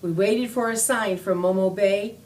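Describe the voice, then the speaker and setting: A woman reading a children's book aloud in an earnest, expressive storytelling manner. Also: medium pitch, normal speed. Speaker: reader.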